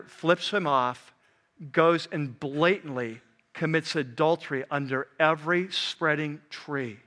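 A man preaching a sermon, animated, swinging from loud emphatic passages to soft, low, quiet ones. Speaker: pastor.

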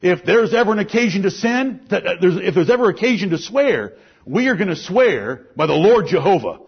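A man preaching a sermon, emphatic, rising to loud peaks and then dropping low. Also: lively intonation, a little fast, husky. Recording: muffled lo-fi recording.

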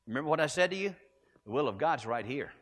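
Earnest preacher in an echoing hall. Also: male voice, on the high side, animated, fast, a bit bright. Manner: earnest, emphatic, repeats key phrases. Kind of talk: storytelling sermon. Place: church sanctuary. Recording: echoey hall with long reverb.

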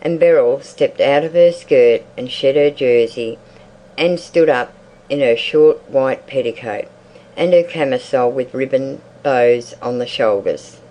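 Measured audiobook narrator. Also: medium pitch, warm tone, poor audio. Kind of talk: audiobook narration of a short story.

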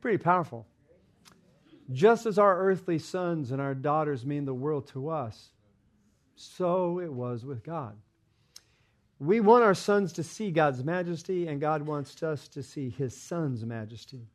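A man with a somewhat high-pitched voice delivers a sermon. He tells a story with dramatic swings, lifting his voice for the characters and letting it drop low and soft at the tender moments. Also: lively intonation. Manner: dramatic retelling of a parable, voicing characters with rising intensity; quiet, slow and reverent in prayer. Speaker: preacher.

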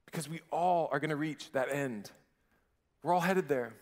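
A man in his thirties giving a sermon in a slightly higher-than-average voice. He talks like he is chatting with his listeners, restarts phrases often and leans on casual fillers. His voice rings out with a long reverb, as if from a large hall. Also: moderate pace, a little mellow. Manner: conversational, frequent restarts and filler likes. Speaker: pastor.

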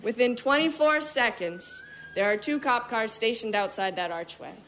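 Animated woman telling a story on stage. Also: a little high, moderate pace, a little hiss or hum. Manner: animated, vivid, acts out other people's lines. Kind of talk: live storytelling performance.

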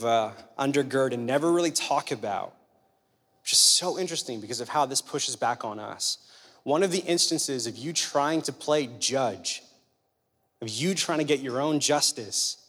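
A man's voice: mid-range voice, a bit bright. A man preaching a sermon in a conversational way, asking rhetorical questions and telling humorous stories. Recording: long hall reverb.

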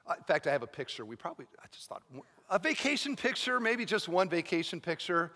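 Bright-voiced preaching pastor. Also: male voice, high voice, very animated, fast. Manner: chatty storytelling that builds to fervent preaching. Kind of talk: sermon. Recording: long reverb of a large hall.

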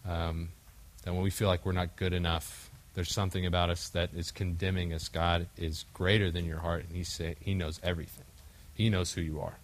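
This young preacher speaks a little fast in a low, flat voice. His sermon is casual and conversational, mixed with group discussion, and he acts out the quoted voices from the story despite a few slip-ups.

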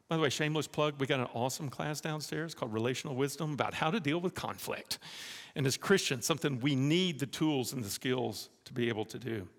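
Male pastor, sermon, fairly high voice, lively storytelling, long church reverb. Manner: animated storytelling, direct appeals. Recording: echoey church hall.

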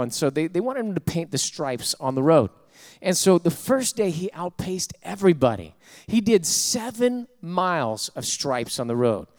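A man, a pastor preaching a sermon, telling stories and then calling on the congregation to repeat after him. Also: fairly high pitch. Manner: storytelling, builds to rousing call-and-response.

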